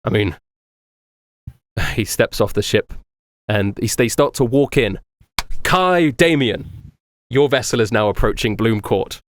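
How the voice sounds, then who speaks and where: A man's voice: mid-range voice, lively intonation, measured pace, pauses often. A man running a tabletop game as game master, narrating casually with laughter and swearing.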